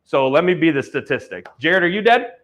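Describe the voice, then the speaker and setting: High, bright-voiced heated male auction host. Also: lively intonation, brisk. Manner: heated, blunt, salesy. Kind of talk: live-stream product pitch with ranting.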